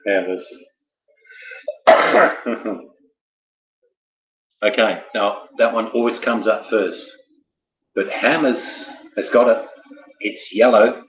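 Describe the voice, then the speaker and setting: A man's voice: lowish voice, steady tone, slow, pauses often. A man casually hosting a quiz night, full of joking, rambling asides. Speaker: quiz host. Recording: roomy, dull lo-fi sound.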